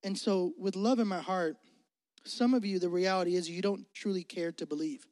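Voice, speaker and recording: A male pastor preaching a sermon in an energetic, slangy, joking way. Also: sits high, moderate pace. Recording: long hall reverb.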